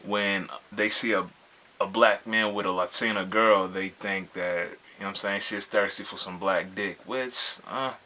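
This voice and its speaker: Man, reaction host, casual slangy commentary, lowish pitch, bright forceful tone. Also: fairly even intonation, a little slow. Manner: laid-back slangy talk, frequent "you feel me".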